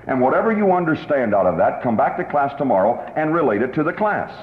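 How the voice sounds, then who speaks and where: A man's voice: medium pitch, big pitch swings, quick pace, lightly acted. A stern, precise middle-aged schoolteacher, as a male speaker puts her on lays out the homework. The voice sits in the middle of the range, and the sound is dull and lo-fi. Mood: instructing. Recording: roomy hall, dull lo-fi tape.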